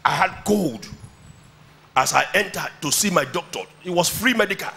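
A pastor with a high, animated voice that's creaky, bright, and forceful speaks at normal speed. Preaching a sermon in church, he tells stories and then rouses the congregation with call-and-response.

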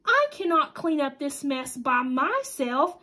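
A woman's voice: sits high, big pitch swings, slow pace, sharp tone, full character voice. A woman voicing a sick male centipede in a storybook, moaning and sneezing. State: has a cold.

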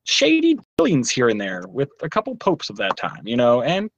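Man, casual podcast reviewer, rambly with many fillers, animated pitch, dry close sound. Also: moderate pace, no room sound, muffled recording. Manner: rambling, lots of fillers and restarts. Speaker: podcast co-host reviewing a show.

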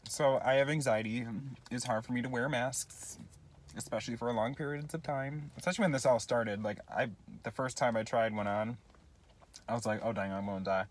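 A man's voice: mid-range voice, fairly even intonation, brisk. A young man chatting casually to his phone camera in a vlog, rambling and self-deprecating, apologizing often between tangents. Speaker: vlogger.

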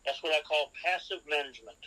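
A man's voice: fairly high pitch, fast, bright, forceful tone, poor audio. A man, a real estate expert guest on a podcast, giving seminar-style advice as numbered rules and often checking in with "okay?".

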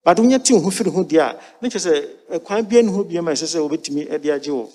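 Halting pastor in an echoey church. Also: male voice, fairly high pitch, a little mellow. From Ghana. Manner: halting, searches for words, many restarts. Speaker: pastor on a lesson panel. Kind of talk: panel Bible lesson discussion. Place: church sanctuary during a livestreamed service.

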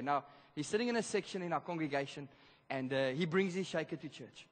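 A male pastor telling a story in a sermon, animated, swinging between loud emphasis and hushed moments. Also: fairly high pitch, a little fast. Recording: long church hall reverb.

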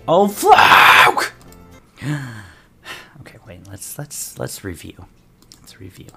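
Gravelly low-voiced man gushing as a fan. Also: a bit bright. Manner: gushing fan, dramatic outbursts, mutters asides. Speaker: fan reaction vlogger. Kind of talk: casual reaction commentary.

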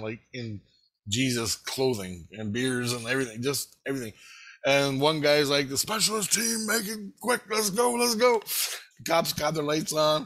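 A man casually telling a rambling, excitable story, swearing freely. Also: mid-range voice, rough recording.

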